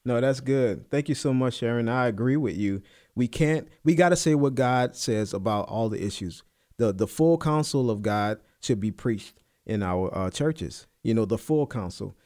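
A man's voice: mid-range voice, expressive, normal speed, a little mellow. A man hosting a Christian call-in radio show, taking callers and offering brief agreement. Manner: brief affirming backchannels.

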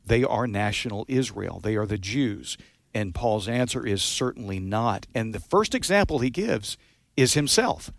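A man's voice: mid-range voice, lively intonation, moderate pace, gravelly, no echo. A man teaching the Bible on a radio talk show, earnest and emphatic, often repeating words as he starts a thought. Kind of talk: radio Bible study chat.

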